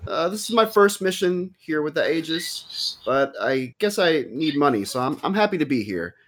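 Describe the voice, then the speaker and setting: A man's voice: on the high side, sing-song, moderate pace, a bit bright, pitched above the performer's own voice. A man putting on a nervous young halfling girl. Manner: shy, stammering, eager to please.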